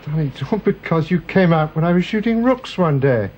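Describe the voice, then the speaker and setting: An actor playing a gentle, jovial middle-aged father in a radio drama. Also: on the high side, lively intonation, brisk, dull audio, slight background noise, natural voice. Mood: reassuring. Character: kindly upper-class father, calm and reassuring. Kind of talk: 1930s-set radio drama.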